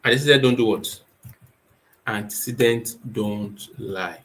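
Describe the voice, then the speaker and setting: A man's voice: lowish voice, a little slow, fairly bright tone, low-quality recording. A man with a Nigerian accent giving advice as a real estate company owner, emphatic and repetitive, asking rhetorical questions and answering them himself. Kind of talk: spoken advice talk.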